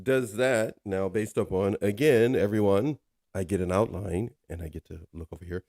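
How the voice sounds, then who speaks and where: A man hosting a relaxed podcast chat, full of teasing jokes and quick asides. He keeps nudging his guest to carry on. The sound is close and dry, with no room around it. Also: lowish voice, no echo. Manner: joking, teasing, keeps handing over with "go ahead". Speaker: podcast host.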